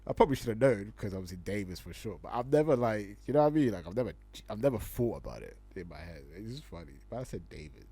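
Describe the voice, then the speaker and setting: A young man, hosting casual online commentary, slangy and animated, laughing often as he reads tweets. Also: lowish voice, fast, hardly any pauses, husky, no room sound.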